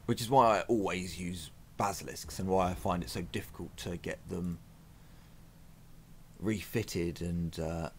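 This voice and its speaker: A man's voice: deep voice, measured pace, a little hiss or hum. A man giving casual, self-mocking commentary as he plays a strategy game on his channel. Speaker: gaming YouTuber.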